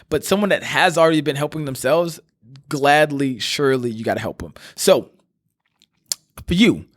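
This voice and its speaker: A man's voice: fairly high pitch, no room sound, studio quality. A man hosting his own coaching podcast, talking earnestly and directly to listeners, calling them brother, with frequent fillers. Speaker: life coach, podcast host. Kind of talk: direct motivational talk to listeners.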